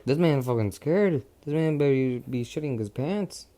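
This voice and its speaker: Young male storyteller, loose and foul-mouthed, rambles and trips over words; average pitch. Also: lively intonation, moderate pace, dark tone. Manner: profane, rambling, self-interrupting. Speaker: fan storyteller. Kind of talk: casual rambling retelling.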